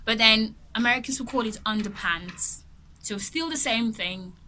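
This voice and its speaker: A woman teacher talks through a vocabulary lesson in a loose, conversational style, laughing easily and stopping to correct herself. Her voice is bright and sits a little high. A faint background hiss runs under her speech. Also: moderate pace, rough recording. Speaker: English teacher. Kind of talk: casual explanatory lesson.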